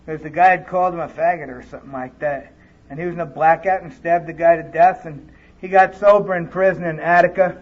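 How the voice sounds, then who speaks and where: On a dull lo-fi tape, a Californian man gives a personal recovery talk to a live audience in a conference hall, speaking candidly and earnestly in plain language. His pitch is fairly high, his intonation fairly even, and his pace a little fast.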